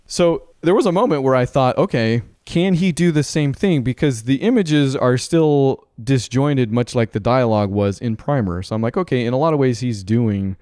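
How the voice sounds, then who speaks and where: A man co-hosts a laid-back film podcast in a mid-range, expressive, slightly mellow voice, moving at a moderate pace with hardly any pauses. He analyzes chattily, adding asides and frequent "like" and "right?". The sound is clean studio audio with no echo.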